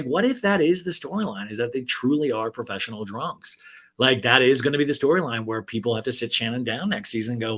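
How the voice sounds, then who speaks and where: A man hosting a podcast, recapping a reality show in an animated, gossipy and profane casual chat. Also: medium pitch. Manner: animated, gossipy, profane, laughs at own jokes. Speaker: podcast host.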